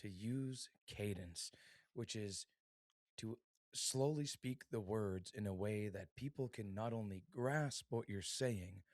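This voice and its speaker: A male co-host chatting casually and explaining points in a calm way. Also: fairly low pitch, slow pace, no room sound, studio quality. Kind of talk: casual chat.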